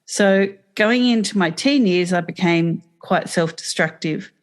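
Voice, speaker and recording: A woman with an Australian accent and a lowish voice speaks as a podcast guest. She tells her own story plainly and candidly, in a matter-of-fact way. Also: a little slow. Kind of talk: podcast interview.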